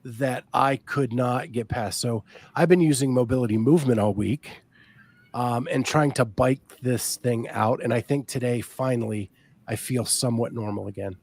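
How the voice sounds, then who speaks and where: A man hosting a podcast, chatting casually and reading sponsor spots in a relaxed way with frequent ums. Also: medium pitch, moderate pace. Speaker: podcast host. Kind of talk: casual chat and sponsor reads.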